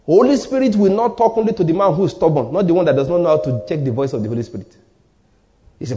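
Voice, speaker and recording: Nigerian male pastor, fairly high, animated delivery, hammers points by repetition. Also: fast talker, muffled recording. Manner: emphatic preaching, repeats key lines, drops to near-whispers. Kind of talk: sermon.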